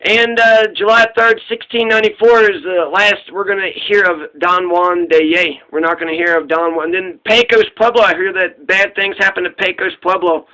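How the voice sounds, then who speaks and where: Host, male: high, bright voice, loose profane rambling through trivia answers. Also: steady tone, moderate pace, few pauses, low-quality recording. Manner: puts on gruff voices to act out quoted people. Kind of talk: casual solo trivia talk.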